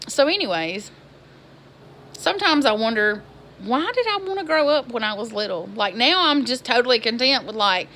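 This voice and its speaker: A woman, telling a story in an exasperated, animated vlog style. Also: fairly high pitch. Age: 20s. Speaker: vlogger.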